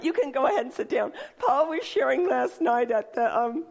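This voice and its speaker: A woman leading a church service who reads scripture slowly, then preaches in a lively, chatty way and often laughs while speaking. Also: high voice, vocal fry. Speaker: church worship leader. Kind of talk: sermon.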